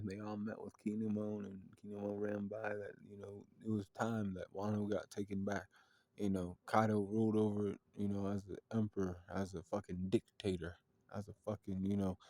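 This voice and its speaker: Man, low gravelly voice, dark tone, rambling casual retelling, lots of fillers and cursing. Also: no room sound. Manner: rambling, filler-heavy and profane. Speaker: storyteller.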